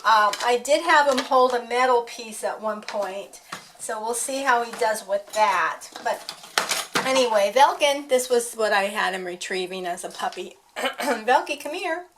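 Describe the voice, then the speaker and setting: At home, a woman trains her dog while chatting to the camera, talking to him and voicing what he might be thinking. Her voice is on the high side at a moderate pace, over a noisy background.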